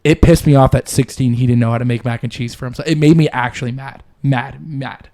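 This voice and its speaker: A young man in his twenties hosts a casual podcast. He talks in a loose, rambling way and swears freely as he tells stories, at an average pitch for a man. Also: fairly even intonation, fairly quick, dark tone. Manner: loose, profane, storytelling. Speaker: podcast host. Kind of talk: casual chat.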